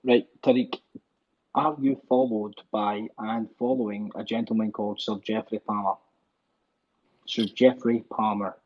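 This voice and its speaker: A man's voice: fairly low pitch, level tone, measured pace, darkish tone, lo-fi sound. A man from Glasgow with a Scottish accent, calling in to a live show and persistently insisting on finishing his point. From Glasgow, Scotland. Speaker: caller.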